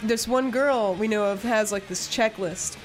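A woman co-hosting a radio show, rambling through a halting story at a medium pitch. Faint music plays behind her. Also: low-quality recording. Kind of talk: casual chat.

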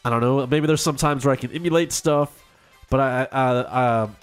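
A man's voice: mid-range voice, moderate pace, clear, resonant tone, faint music behind. A man hosting a podcast, chatting casually with a nasal, stuffed-up voice from a cold, rambling and self-deprecating. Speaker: podcast host. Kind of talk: casual chat.

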